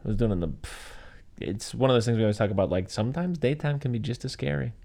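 A man's voice: mid-range voice, quick pace, gravelly, warm tone. A man co-hosting a podcast, chatting casually with loose, profane banter. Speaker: podcast co-host. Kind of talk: casual chat.

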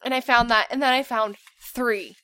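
A woman in her thirties co-hosting a podcast in casual chat, telling animated stories and laughing often. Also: fairly high pitch, moderate pace, dry recording, studio quality. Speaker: podcast co-host.

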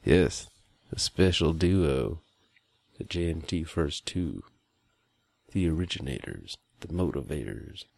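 A man's voice: rumbling low, expressive, slow pace, vocal fry, a little mellow, dry recording. A man co-hosting a casual podcast into a headset, laid-back and jokey, laughing often. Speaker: podcast co-host. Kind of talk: casual crude podcast banter.

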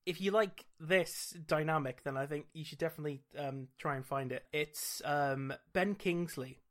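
A man's voice: on the high side, normal speed, a bit bright. A British man hosting a podcast, chatting in a wry, casual way. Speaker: podcast host. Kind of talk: casual chat.

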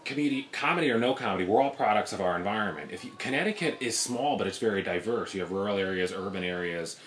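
Quick-talking low-voiced man in a roomy space. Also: expressive, fairly bright tone. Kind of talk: casual chat.

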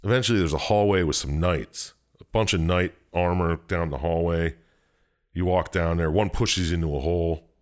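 A man with a very deep, low voice recaps a video game for friends. His storytelling is profane and animated, full of swearing. The talk stays loose and conversational. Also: moderate pace.

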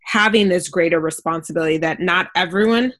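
A woman's voice: lowish voice, a little fast, a bit bright. A woman hosting a podcast, asking long, thoughtful, winding questions with frequent fillers. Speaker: podcast host. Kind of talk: interview questions, casual.

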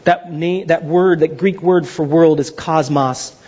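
Young male pastor, lively storytelling sermon, raspy tone, muffled church recording. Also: fairly high pitch, unhurried. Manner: conversational storytelling, lively and self-deprecating. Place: church sanctuary. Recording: dull lo-fi sound.

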